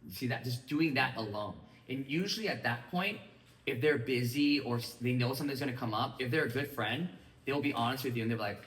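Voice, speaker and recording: A man in his thirties leading a casual training talk for a small group, quick and chatty, often acting out bits of dialogue. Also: mid-range voice, fairly bright tone. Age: 30s. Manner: fast, casual, acts out quoted dialogue. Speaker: sales team leader. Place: room with a small audience. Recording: echoey room.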